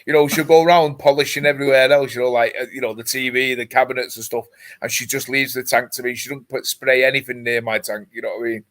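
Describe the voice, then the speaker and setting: A man's voice: medium pitch, flat delivery, fast, bright, forceful tone. Chatty man hosting a livestream. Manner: chatty, many fillers, reads out chat comments. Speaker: livestream host. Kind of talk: casual chat.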